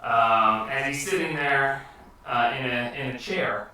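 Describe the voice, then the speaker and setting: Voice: mid-range voice, measured pace, bright, forceful tone. Hesitant game master in an echoey room. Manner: hesitant, filler-heavy narration. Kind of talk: narrating a tabletop game. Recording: distant echoey room with noise.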